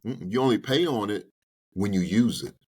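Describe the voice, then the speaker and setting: Low, husky-voiced man giving money advice. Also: normal speed. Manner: animated, colloquial, acts out little dialogues. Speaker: podcast guest explaining personal finance. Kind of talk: casual conversational advice. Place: podcast studio.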